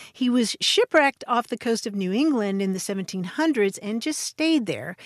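A woman's voice: fairly high pitch, dry recording, clean studio sound. A woman co-hosting a radio show about language, chatting casually and laughing often. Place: radio studio.

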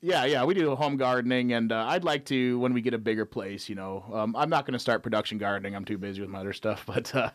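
A relaxed, chatty man from North Dakota talks about his work as an auctioneer, laughing easily as he goes. His voice sits at an ordinary middle pitch, recorded close and dry with no room sound. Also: fast, few pauses, dry recording. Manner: easygoing, chatty, laughs often. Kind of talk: casual interview chat.

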